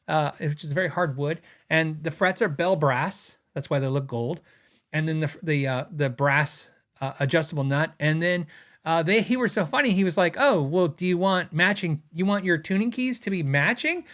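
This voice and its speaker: A man hosting a gear podcast, telling a story in a chatty, animated way and laughing at his own anecdotes. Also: a little high. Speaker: podcast host. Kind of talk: casual storytelling.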